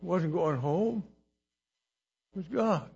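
A man's voice: sits high, animated, slow, gravelly, a little mellow, husky, dull audio. A man preaching a sermon, telling his own testimony in an earnest, emotional way with chuckles between lines.

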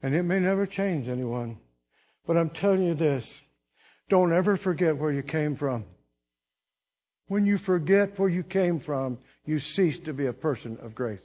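A man's voice: on the high side, normal speed, warm tone, slightly rough, muffled recording. A man preaching a sermon, telling his own testimony in an earnest, emotional way with chuckles between lines.

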